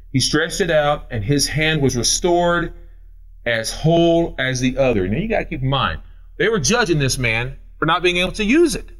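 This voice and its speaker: A male pastor preaching a sermon. He reads scripture slowly and then explains it in plain, everyday talk. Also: mid-range voice, lively intonation, a bit bright. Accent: Midwestern American.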